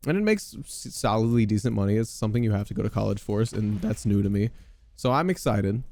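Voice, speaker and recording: A young man hosting a podcast, giving loud, excitable gaming commentary with casual swearing. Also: on the low side, quick pace. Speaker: podcast host.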